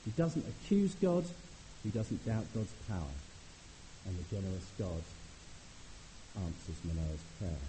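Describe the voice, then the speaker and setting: A man preaching a sermon in an earnest manner, at times rising to animated emphasis. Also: sits low, unhurried, long pauses, slight background noise, low-quality recording.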